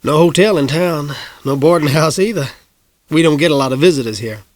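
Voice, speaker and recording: A man's voice: fairly high pitch, brisk, no echo, studio quality, lightly acted. A man reading an audiobook, voicing a plain, friendly small-town father.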